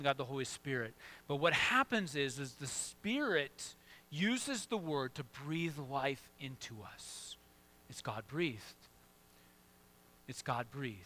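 A man preaching a sermon, moving between soft, hushed prayerful moments and loud, excited bursts. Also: medium pitch, a little hiss or hum. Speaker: pastor.

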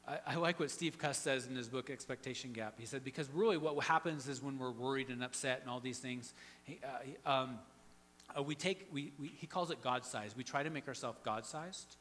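A man preaching a sermon as pastor, conversational, swinging from hushed to loud and emphatic. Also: mid-range voice, fairly quick. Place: church sanctuary. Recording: long hall reverb, faint hum.

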